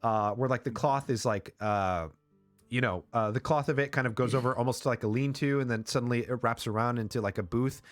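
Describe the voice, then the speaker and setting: A man's voice: mid-range voice, fairly quick, no room sound, soft background music. Rambling man narrating a tabletop game. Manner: rambling, filler-heavy narration. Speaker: game master.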